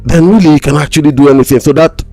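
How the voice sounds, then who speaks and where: A man from Nigeria, a mental health practitioner chatting as a podcast guest. He talks haltingly and repeats words with a slight stammer. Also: a little high, steady tone, dark tone, faint music behind. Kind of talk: casual conversation.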